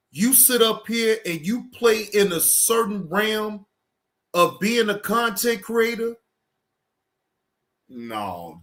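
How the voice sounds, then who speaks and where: A man calling out a rival creator in a drawn-out, emphatic, cursing way. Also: high voice, a bit bright. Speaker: streamer addressing a rival. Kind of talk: slow confrontational callout.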